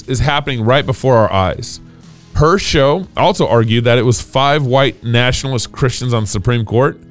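A man co-hosting a talk show, giving earnest, preachy commentary and quoting scripture. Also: medium pitch. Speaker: podcast co-host. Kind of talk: opinionated commentary.

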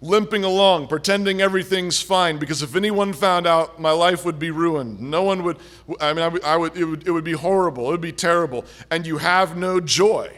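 A man preaching a sermon with earnest, repetitive phrasing, swinging between forceful and hushed. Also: a little high, fairly quick.

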